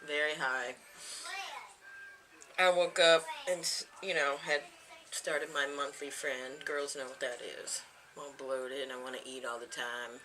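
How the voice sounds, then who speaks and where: A woman's voice: extremely low pitch, fairly even intonation, measured pace, background noise. A woman in her thirties chatting casually to camera at home, rambling from one thing to the next and laughing often. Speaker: vlogger. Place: home, indoors.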